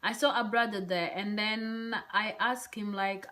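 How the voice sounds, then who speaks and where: Woman vlogger, chatty and hesitant, mid-pitched voice, rambling story with soft asides. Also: fairly even intonation, unhurried. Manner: hesitant, rambling, many "like" fillers; drops to soft whispered asides. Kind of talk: casual personal storytelling.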